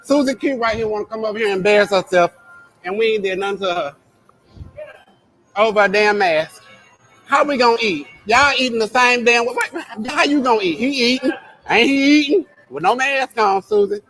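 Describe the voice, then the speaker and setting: A man's voice: sits high, brisk, fairly bright tone, faint music behind, poor audio. A man ranting indignantly and profanely in a recorded clip.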